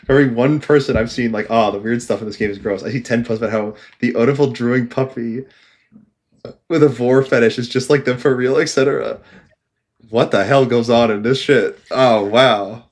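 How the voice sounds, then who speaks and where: Brief: young male podcast co-host, mid-pitched, profane, joking, offhand. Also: fairly even intonation, normal speed. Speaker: podcast co-host and game developer. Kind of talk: casual chat.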